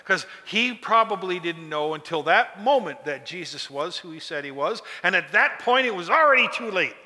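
This preacher's high voice is strikingly bright and cutting, with lively intonation at a moderate pace. He drives points home through emphatic, repeated exhortations, echoing with long reverb in a large church hall.

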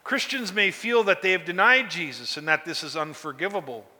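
Male preacher, high voice, very bright and sharp, emphatic repetition, long hall echo. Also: brisk. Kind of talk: sermon.

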